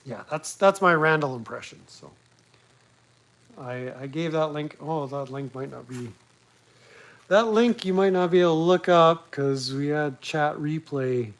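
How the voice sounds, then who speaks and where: In this casual home livestream, a man with a slightly high voice speaks a bit slowly as he hosts from his laptop. The audio quality is poor. His talk wanders and turns crude, often poking fun at himself.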